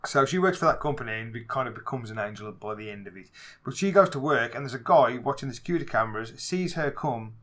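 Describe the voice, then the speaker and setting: A man with a Black Country accent, co-hosting a casual movie podcast, talking in a lively way, swearing freely and acting out scenes in raised voices. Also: medium pitch, fast. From England. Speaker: podcast co-host. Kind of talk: casual movie review chat.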